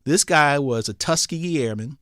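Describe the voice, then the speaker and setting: Animated storytelling man in a dry studio. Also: on the high side, moderate pace, no room sound. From South Carolina, US. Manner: animated storyteller who acts out quoted voices. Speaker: political candidate, guest. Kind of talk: casual interview storytelling. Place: radio studio. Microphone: studio microphone.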